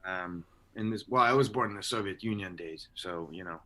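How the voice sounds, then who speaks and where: Middle-aged male actor from Belarus, lowish voice, thoughtful and hesitant, casual interview over a video call. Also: moderate pace, pushed and bright, a little hiss or hum. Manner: thoughtful, with hesitant restarts and fillers. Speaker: voice and screen actor, guest. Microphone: home microphone on a video call.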